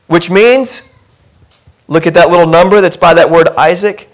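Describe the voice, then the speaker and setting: High-voiced chatty male pastor. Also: moderate pace. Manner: chatty, self-deprecating, asks the congregation questions. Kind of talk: conversational sermon. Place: church sanctuary.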